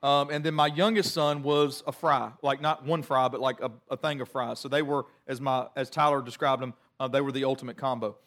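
A middle-aged man preaching a sermon, telling a family story before the scripture reading, in a chatty, self-deprecating, animated way. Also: medium pitch, fairly quick, hardly any pauses. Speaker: pastor.

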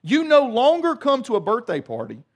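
A man's voice: very high voice, wildly swooping pitch, normal speed. A male pastor, preaching a conversational sermon with joking asides and frequent restarts.

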